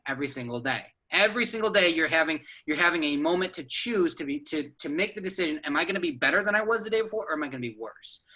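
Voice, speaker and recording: A man speaking as a business co-founder and guest in a casual interview, upbeat and energetic, often adding "you know" and "right?" as he talks. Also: a little high, poor audio. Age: adult with children.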